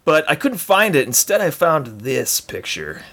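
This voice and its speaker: A man's voice: on the high side, sing-song, unhurried, pushed and bright. A man co-hosting a podcast in casual chat who laughs a lot and jokes around. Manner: laughs often, joking. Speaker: podcast co-host.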